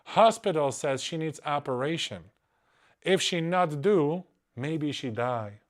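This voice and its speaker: A man voicing a young woman romance scammer who speaks quiet, hesitant, broken English. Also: fairly high pitch, lively intonation, slow pace. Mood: pleading.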